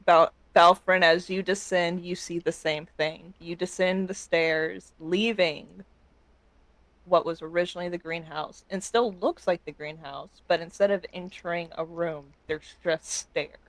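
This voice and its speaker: Slow, deliberate game master. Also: medium pitch, steady tone, a bit bright, no room sound. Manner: slow, deliberate scene-setting narration. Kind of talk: narrating a tabletop game.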